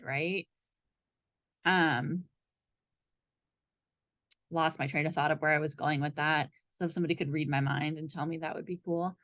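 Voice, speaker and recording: A young woman with a fairly low voice teaches a therapy skills group. She talks casually and chattily, with plenty of fillers, and keeps checking in with her listeners. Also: normal speed, pauses often, a bit bright. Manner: chatty, many fillers and "right?" tags.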